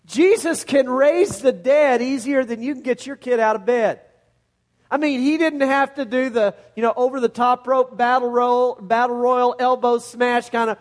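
A middle-aged man preaching a sermon as pastor, telling a Bible story with animated storytelling and acting out the scenes in voices. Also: extremely high pitch, normal speed.

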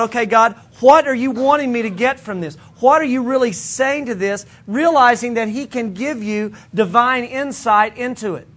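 Man, pastor, high-pitched, earnest sermon, conversational, self-correcting restarts. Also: fairly bright tone. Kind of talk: sermon teaching to a congregation.

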